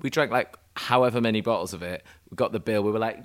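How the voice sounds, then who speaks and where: A young man in casual podcast chat who tells lively anecdotes and acts out the voices of the people in them. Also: mid-range voice, fast, hardly any pauses. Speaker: guest.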